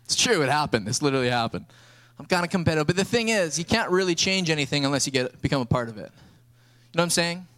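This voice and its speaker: High-voiced energetic young preacher man. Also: quick pace. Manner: energetic storytelling preacher, acts out dialogue. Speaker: pastor. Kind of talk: sermon.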